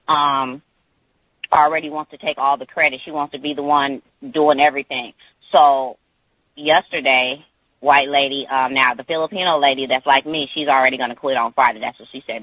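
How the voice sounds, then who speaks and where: A man calling in to a radio show, telling a long personal story in a rambling way with many pauses and restarts. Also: mid-range voice, no room sound. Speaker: caller. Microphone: phone. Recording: tinny phone line.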